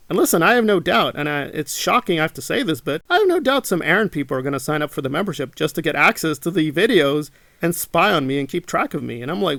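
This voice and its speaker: Indignant man with a gravelly voice. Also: on the high side, sing-song, brisk, fairly bright tone, no room sound. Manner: indignant, repeats himself, mocks his critics in quotes. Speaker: channel host. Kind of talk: monologue to camera.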